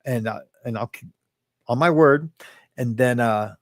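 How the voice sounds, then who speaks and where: This host speaks at a measured pace in a medium-pitched voice as he runs an informal livestream from his home living room. He reads viewers' comments aloud, chats loosely, and laughs often. There's no room sound on the webcam or phone recording.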